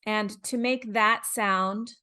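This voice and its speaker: Very slow, careful woman teacher. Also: medium pitch, steady tone, bright, forceful tone, clear, resonant tone. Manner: slow, deliberate, demonstrating mouth positions and repeating sounds. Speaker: English teacher. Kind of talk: phonics lesson.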